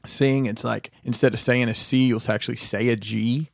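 A man co-hosting a casual podcast chat, relaxed and hesitant with fillers. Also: medium pitch, normal speed, gravelly, no echo, studio quality.

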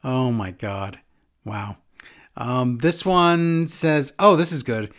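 A man's voice: medium pitch, slow pace, fairly bright tone. A man co-hosting a casual podcast, reading listener emails aloud and breaking in with joking asides. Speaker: podcast co-host.

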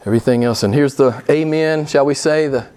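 A middle-aged male preacher delivering a sermon with passion, his voice jumping from hushed asides to sudden high, emphatic rises. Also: moderate pace. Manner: impassioned, swings from quiet to loud with sudden rises.

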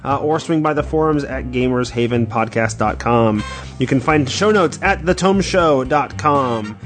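A man's voice: mid-range voice, unhurried, soft background music. A man hosting a casual podcast, upbeat and chatty as he runs through contact details. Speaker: podcast host.

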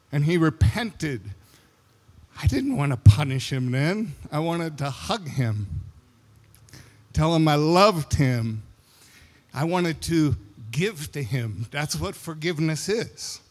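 A middle-aged male pastor preaching a sermon, telling a family story with acted quotes and laughing at his own anecdotes. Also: on the high side. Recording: long hall reverb.

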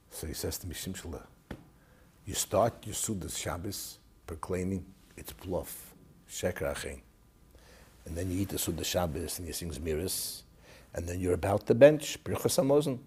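Animated husky man telling a story. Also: low voice. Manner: animated storytelling, swings from loud to hushed. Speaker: guest recalling his father. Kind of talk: storytelling interview.

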